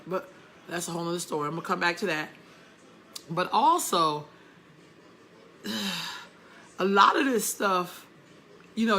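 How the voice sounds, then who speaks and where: A middle-aged woman talks straight to her viewers in a casual, blunt monologue, laughing easily and punching her points. Her voice is bright and forward. A faint hiss sits under the recording. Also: mid-range voice. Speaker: host.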